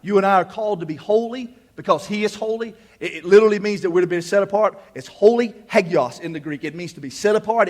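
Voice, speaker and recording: A middle-aged man preaching a sermon from a church pulpit, his voice sitting high for a man. He presses his points by repeating words and phrases. He drops to quiet asides, then rises to loud declarations. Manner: emphatic, repeats words when fired up. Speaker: pastor. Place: church sanctuary.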